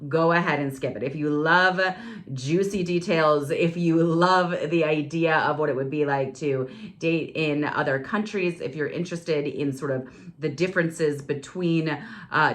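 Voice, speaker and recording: Chatty, low-voiced woman podcast host. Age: 40s. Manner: chatty and candid, with dramatic high-pitched exclamations. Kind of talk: casual solo podcast chat. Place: home office.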